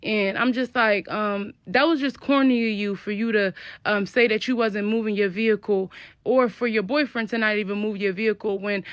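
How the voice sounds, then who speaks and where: A woman's voice: medium pitch, steady tone, moderate pace, clean tone, dry recording. A young woman telling a personal story in a casual, blunt and slangy way. She spells out curse words. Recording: dull, lo-fi, dry sound.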